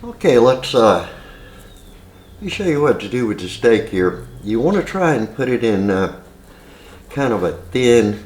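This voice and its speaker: A man's voice: mid-range voice, sing-song, a little slow, long pauses, a little mellow. A man hosting a casual home cooking demonstration, chatty and rambling, with side stories and plenty of filler words. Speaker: home cooking channel host. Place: home kitchen. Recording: roomy kitchen echo, faint noise.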